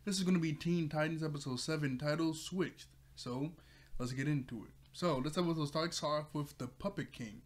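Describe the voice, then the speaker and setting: Young dude rambling thru an episode recap, laughs a lot, lots of likes and ums. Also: male voice, fairly high pitch, normal speed. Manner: rambling, laughs often, loose filler-heavy retelling. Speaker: episode review host. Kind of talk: casual recap talk.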